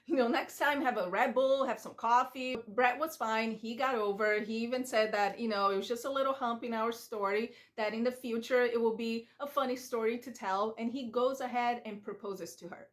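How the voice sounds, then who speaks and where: A woman giving a chatty, opinionated recap of a reality show, acting out the people she talks about. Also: fairly high pitch. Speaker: reaction vlogger. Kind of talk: casual recap commentary.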